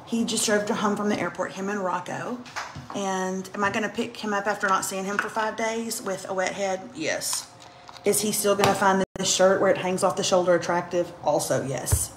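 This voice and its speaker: A woman's voice: mid-range voice, moderate pace, slight background noise. A woman, chatting and joking with viewers on a bedtime livestream at home. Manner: chatty, joking, talks straight to commenters. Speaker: livestream host. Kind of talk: casual live chat to viewers. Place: her home, getting ready for bed. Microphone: phone livestream.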